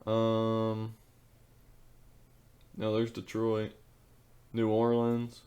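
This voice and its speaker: A man's voice: on the low side, monotone, extremely slow, darkish tone. A young man co-hosting a podcast, laid-back and casual, with offhand swearing. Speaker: podcast co-host. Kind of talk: casual chat.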